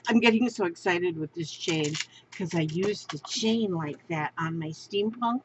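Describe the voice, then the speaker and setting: A woman's voice: fairly low pitch, measured pace, background noise. A woman crafting vlogger doing an unboxing show-and-tell, gushing and exclaiming, often repeating her words.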